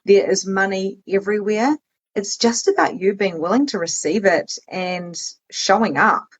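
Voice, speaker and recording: A woman guest telling personal stories candidly in a podcast conversation, with lively quoted asides. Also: medium pitch, moderate pace, breathy edge. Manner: emotional storytelling, swearing, lively quoted asides. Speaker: guest, business coach.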